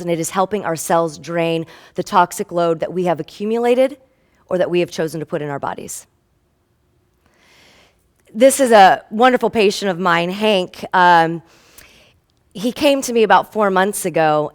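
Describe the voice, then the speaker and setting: A woman at a middle pitch gives an earnest, emotional inspirational talk as a health practitioner. She tells patient stories with lively acted-out dialogue. She builds toward stirring calls to action.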